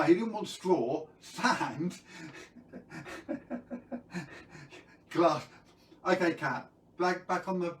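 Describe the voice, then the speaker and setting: A man's voice: fairly high pitch, roomy sound, recorded from a distance, low-quality recording. A man telling a children's story on a live stream, playful and jokey, who keeps quizzing his viewers.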